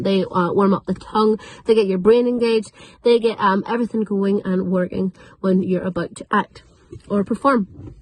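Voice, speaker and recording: A young woman, teaching children an online vocal warm-up class in an upbeat, encouraging way. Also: medium pitch, dry recording, low-quality recording. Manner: upbeat, encouraging, repeats drills slowly. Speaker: drama teacher. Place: at home.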